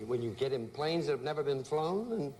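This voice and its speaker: A man's voice: a little high, animated, fairly quick, darkish tone. A man hosting a television game show, teasing and joking with the contestants. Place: TV studio. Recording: noisy 1970s television broadcast recording.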